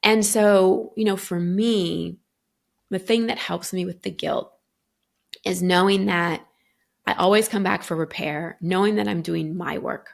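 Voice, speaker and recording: Middle-aged woman guest, low and gravelly, earnest, thinks aloud. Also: steady tone, unhurried. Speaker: guest coach. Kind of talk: reflective podcast conversation.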